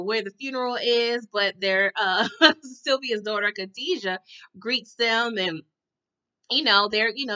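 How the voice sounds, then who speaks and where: Sassy chatty woman with a bright voice. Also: fairly high pitch, clear, resonant tone. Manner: chatty, full of "you know" and "okay?" tags; sassy slangy asides. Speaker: TV recap reviewer. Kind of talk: casual recap chat. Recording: dull lo-fi sound.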